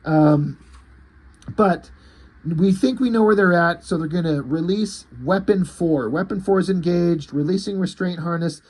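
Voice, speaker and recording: A man's voice: sits high, measured pace, darkish tone, poor audio. Rambling man recapping a comic. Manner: rambling, loose, swears casually, many "like"s. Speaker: comic book reviewer. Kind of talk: casual recap of a comic issue.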